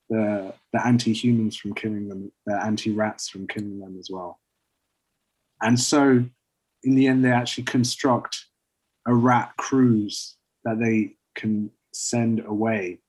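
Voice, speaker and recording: A man casually pitching a story idea to friends, rambling with lots of fillers. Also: darkish tone, husky, rough recording. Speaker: podcast co-host pitching a story. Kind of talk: casual chat.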